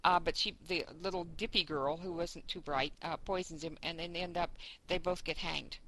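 A woman's voice: fairly low pitch, steady tone, moderate pace, heavy background noise. A woman in a casual group chat, talking in a chatty, rambling way with fillers as she reminisces. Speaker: book discussion group member.

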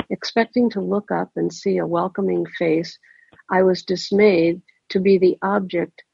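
A woman reads a first-person story in a measured, deliberate way. Her voice is deeply gravelly and husky, and she sits a little low in pitch. The recording is dry and dull, with a lo-fi sound. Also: dry recording.

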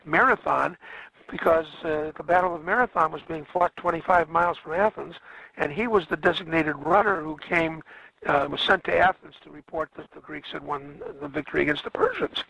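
A man's voice: fairly high pitch, fairly quick, creaky, pushed and bright, slightly rough, low-quality recording. A man lecturing a class on history, rambling along and correcting himself with frequent fillers.

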